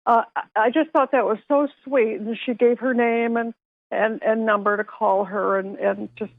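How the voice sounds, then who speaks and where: Excited woman caller on a phone line. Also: a little high, normal speed, no echo. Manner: excited, talkative, apologetic. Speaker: radio show caller. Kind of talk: phone-in call.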